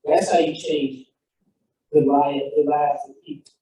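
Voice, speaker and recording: A man's voice: fairly high pitch, flat delivery, unhurried, mellow, recorded from a distance, slight background noise. A man giving a fired-up motivational talk as a founder, telling a story with quoted dialogue. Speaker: founder and speaker. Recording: echoey hall, speaker off-mic.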